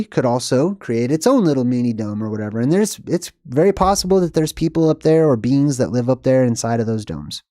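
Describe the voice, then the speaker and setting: A young man hosts a casual live stream and rambles as he reads the chat, often laughing at himself. His voice sits a little high and sounds mellow. It is recorded close and dry at a desk. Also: dry recording.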